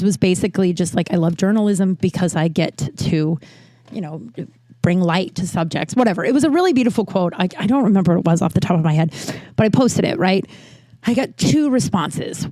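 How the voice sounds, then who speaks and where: A young woman talks through a casual podcast monologue, animated and full of restarts and fillers. Her speech is recorded close and dry, with no room echo. She swears freely when she gets worked up. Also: mid-range voice. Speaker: podcast host. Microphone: podcast mic, also filmed for video.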